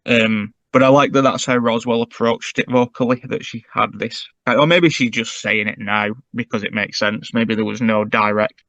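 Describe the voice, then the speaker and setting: A man's voice: fairly low pitch, fairly even intonation, normal speed, hardly any pauses, fairly bright tone, no room sound. A man co-hosting a podcast in casual chat, musing and thinking aloud with many asides. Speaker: podcast co-host.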